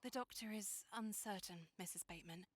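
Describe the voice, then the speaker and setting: A woman's voice: mid-range voice, fairly quick, no echo, close to an everyday voice. An actress playing a formal, soothing woman nurse in a video game.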